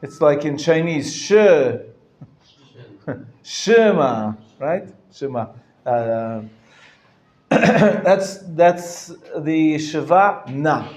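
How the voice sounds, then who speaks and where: A man teaching a class with a slightly high voice and a slow, careful delivery. He sounds words out patiently, clears his throat now and then and chuckles between points. The room is roomy and echoey. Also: animated, darkish tone. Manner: patient, explanatory, repeats words slowly to demonstrate sounds. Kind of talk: live classroom lesson on Hebrew reading. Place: lecture room. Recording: roomy echo from a live class.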